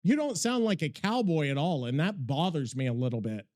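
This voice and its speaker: A man hosts a podcast in loose, casual conversation, rambling and swearing nonstop. His high voice leaps all over the place with excitable energy, and he talks fairly quickly.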